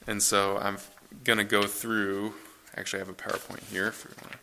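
A man in his thirties, a pastor, reading scripture and then preaching in a relaxed, conversational way in a church. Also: lowish voice, a little fast, creaky, a little hiss or hum. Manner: conversational, relaxed, self-correcting.

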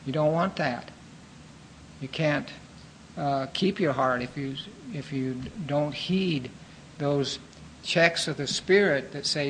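A man preaching a sermon in an earnest, measured teaching manner, pausing with fillers and restarting phrases. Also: fairly high pitch, fairly bright tone, slight background noise, poor audio.

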